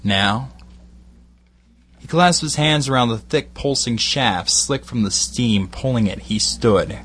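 A man reading an erotic bedtime story as slow, deliberate scripted narration. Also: medium pitch, lively intonation, fairly bright tone, breathy edge.

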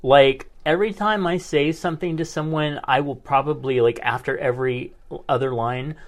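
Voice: mid-range voice, normal speed. A podcast co-host in casual chat, chatty and sassy, swearing freely.

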